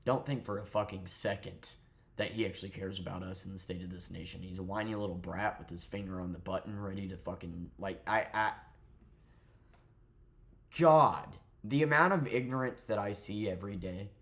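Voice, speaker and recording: A man's voice: sits low, moderate pace, vocal fry, fairly bright tone. Angry man ranting, swearing. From southern United States. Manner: heated, profane, sarcastic. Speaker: vlogger. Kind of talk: angry political rant.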